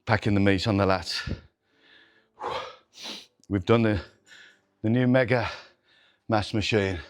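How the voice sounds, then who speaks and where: This gym owner, a middle-aged man, demonstrates workouts for his vlog in an indoor gym, taking it slowly in a fairly low, fairly even voice. He counts reps out loud, cursing and groaning through each tough set.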